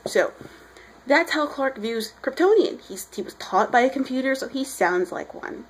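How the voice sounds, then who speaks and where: A woman's voice: high-pitched, animated, moderate pace, breathy edge, poor audio. A young woman reviewing a comic book in casual chat, rambling and chatty as she retells scenes.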